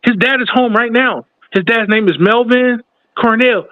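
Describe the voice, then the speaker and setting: A podcast host with an extremely high-pitched voice talks casually at normal speed about his childhood, acting out the other people's voices. The recording is dry and has a tinny, phone-like sound.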